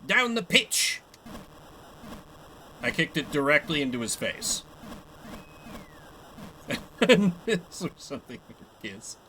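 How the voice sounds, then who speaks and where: Dude streaming a game, lively up and down voice, keeps laughing at himself. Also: male voice, a little high, takes it slowly, long pauses, slight background noise, poor audio. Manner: chatty, self-mocking, laughs often. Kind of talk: live gameplay commentary.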